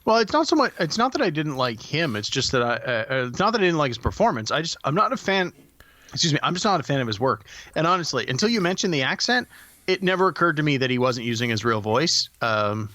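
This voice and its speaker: Podcast guy, talks fast, stumbles and restarts a lot, dry sound. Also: on the high side, very animated, sharp tone, no room sound. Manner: quick, hesitant, with many restarts and fillers. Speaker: podcast co-host. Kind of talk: casual movie review chat.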